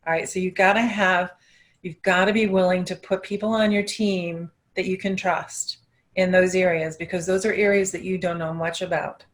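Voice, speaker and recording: A woman's voice: lowish voice, steady tone, moderate pace. A woman dental practice consultant answering interview questions in an emphatic way, repeating her key points.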